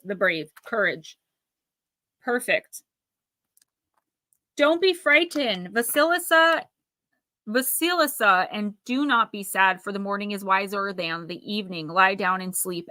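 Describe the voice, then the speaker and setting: A woman's voice: mid-range voice, no echo, poor audio. A woman giving an intuitive oracle card reading on a live stream, chatting and reading card meanings aloud. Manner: chatty, reads card text aloud softly.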